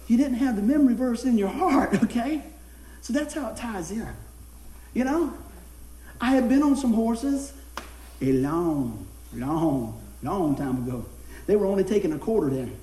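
A man's voice: very high voice, expressive, normal speed, pauses often, warm tone, roomy sound. A man preaching a sermon in a folksy way, telling a funny personal story and laughing as he goes.

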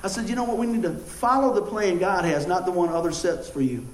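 High-voiced pastor preaching. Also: male voice, brisk, echoey room, slight background noise, rough recording. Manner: animated storytelling with call-and-response. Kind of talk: sermon.

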